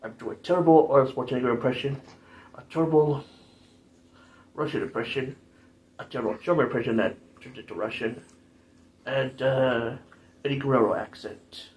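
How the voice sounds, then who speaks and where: A man's voice: mid-range voice, moderate pace, long pauses, darkish tone, slight background noise. Rambling man doing casual game commentary. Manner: rambling, jokey, self-deprecating. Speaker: gaming channel host.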